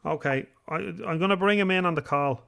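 Prank host playing it straight. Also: male voice, sits high, brisk, vocal fry, fairly bright tone, clean tone. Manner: mock-official, probing questions. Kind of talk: prank phone call.

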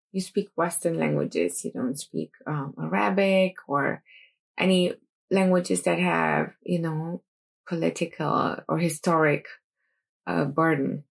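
A woman interviewer asks careful, probing questions, hedging as she picks her words. Her voice has a noticeable gravelly fry. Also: fairly low pitch, steady tone, unhurried. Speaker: interviewer, podcast host. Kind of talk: casual interview conversation.

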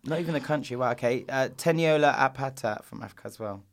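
A woman's voice: a bass voice, fast talker. A woman hosting a casual chat, reading out lists of nominees and laughing often. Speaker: host.

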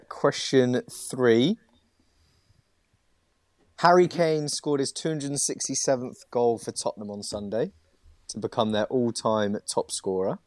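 A man's voice: medium pitch, darkish tone, dry recording. A man hosting a casual sports podcast, chatty and laughing often, reading out quiz questions with plenty of ums. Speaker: podcast host and quizmaster.

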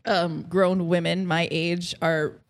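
A woman co-hosting a podcast in casual chat. She talks in an animated way, laughs often and mixes English with Tagalog. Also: fairly low pitch, slow. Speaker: podcast co-host.

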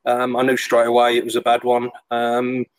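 A middle-aged former goalkeeper tells stories casually, rambling with lots of fillers and restarts. His medium-pitched voice is completely flat and moves at a normal speed, and the recording is rough.

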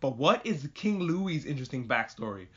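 A man hosting a podcast, recapping an anime episode in a casual, animated way, swearing often and slipping into quick mock voices. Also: mid-range voice, slightly rough, muffled recording. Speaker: podcast host.

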